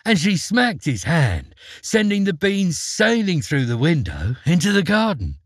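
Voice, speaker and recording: A man narrating a fairy tale in an expressive, dramatic storytelling manner. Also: a little high, unhurried, breathy edge, dry recording, clean studio sound.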